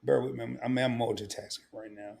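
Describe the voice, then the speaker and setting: A man's voice: mid-range voice, fairly even intonation, fast, creaky, a little mellow. An older man hosting a livestream, talking candidly and a bit rambling, with emotion coming through. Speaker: livestream host. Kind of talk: casual livestream talk.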